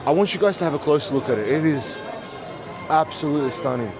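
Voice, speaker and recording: A man's voice: fairly high pitch, animated, fast talker, over music. A man hosting a vlog, walking through an art festival and talking enthusiastically to his viewers. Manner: enthusiastic, talks straight to viewers. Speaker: vlog host. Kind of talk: casual walk-around vlog. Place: busy art festival hall. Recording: crowd noise behind. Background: crowd chatter.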